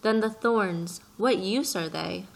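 A woman's voice: mid-range voice, takes it slowly, gravelly. A woman voicing an earnest little boy prince who presses his questions with passion in an audiobook reading. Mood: questioning. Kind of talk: audiobook character voice.

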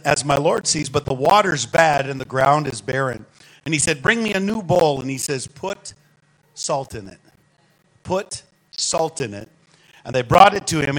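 A man preaching a sermon as guest speaker, animated and calling on the congregation to answer back. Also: medium pitch, low-quality recording. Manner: animated, calls the congregation to respond.

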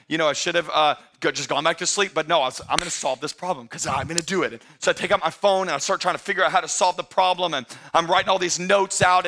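A man preaching a sermon as pastor, talking straight to his church in a conversational way and often rising to emphatic, shouted excitement. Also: high voice, vocal fry. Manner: conversational, addresses the congregation directly.

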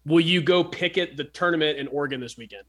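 A man's voice: fairly high pitch, quick pace, a bit bright. A man co-hosting a casual sports podcast, joking and rambling with many fillers and restarts.

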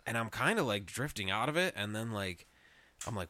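A man's voice: lowish voice, fairly quick, no echo. A man telling a story in casual podcast chat, swearing freely and filling with "like". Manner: profane, animated storytelling with frequent "like".

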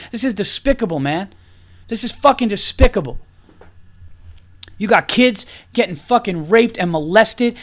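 A man hosting a podcast, ranting with heated, profane emphasis and repeating himself. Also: sits high. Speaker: podcast host. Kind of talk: angry opinion rant.

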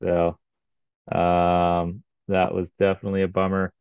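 Man, triathlete, casual podcast chat, low smooth voice, dry and slightly dull sound. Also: monotone, measured pace, dry recording. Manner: rambling, many ums and uhs. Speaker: triathlete recounting a race.

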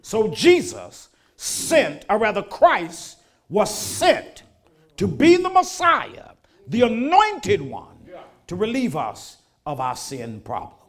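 A man's voice: high voice, huge pitch swings, slow. An older man, preaching a sermon in a folksy manner that rises to emphatic declarations.

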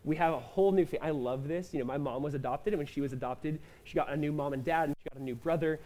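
Male pastor, mid-high voice, relaxed conversational sermon delivery with voiced-out quotes. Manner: conversational preaching with quick asides and acted-out quotes.

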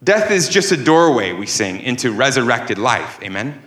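A man's voice: mid-range voice, sing-song, moderate pace, fairly bright tone. A man preaching a sermon as pastor, emphatic, with rising and falling cadence. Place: church sanctuary. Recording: echoey church room.

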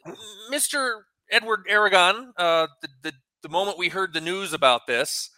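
A man co-hosting a talk radio show, recounting a story with halting, stammering restarts. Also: sits high, bright, forceful tone, no echo, poor audio. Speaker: radio co-host. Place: radio studio.

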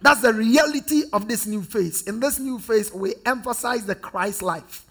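Gravelly, high-pitched preacher from Ghana. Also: male voice, normal speed. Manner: emphatic, repetitive preaching, swings from loud to hushed. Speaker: pastor. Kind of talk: sermon with call-and-response.

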